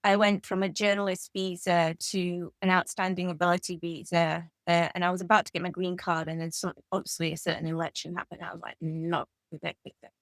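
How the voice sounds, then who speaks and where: An English woman in her fifties, a guest author in an interview, telling lively anecdotes. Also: lowish voice, a little fast, few pauses, dry recording. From England. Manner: animated anecdotal storytelling. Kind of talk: conversational interview.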